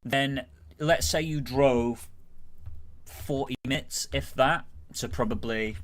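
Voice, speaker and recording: A man's voice: medium pitch, slow pace. A man with a Greater Manchester accent, chatting casually as a guest on a stream and rambling with many fillers and self-corrections. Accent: Greater Manchester English. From Greater Manchester, England.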